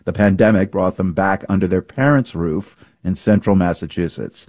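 Male radio host, deep and warm, dry booth, measured delivery. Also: no room sound. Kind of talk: scripted radio introduction.

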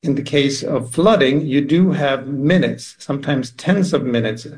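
A man's voice: medium pitch, unhurried, darkish tone. A man, a seismologist, explaining events plainly in a news interview clip.

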